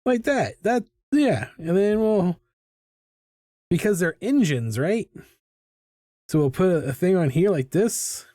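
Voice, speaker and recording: A man's voice: high-pitched, lively intonation, slow, long pauses, dark tone, no room sound, studio quality. A middle-aged man hosting a live drawing stream, chatting casually and rambling with self-mocking asides as he draws. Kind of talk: casual chat while drawing. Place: home art studio.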